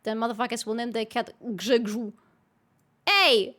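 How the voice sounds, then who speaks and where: High-voiced woman streamer. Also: unhurried, bright, forceful tone. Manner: playful, bursts into squealing laughs. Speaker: livestreamer. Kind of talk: casual chat with live viewers.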